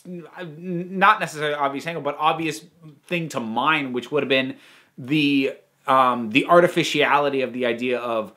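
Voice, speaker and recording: A man giving a casual spoken movie review, animated, with many restarts and asides. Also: fairly high pitch.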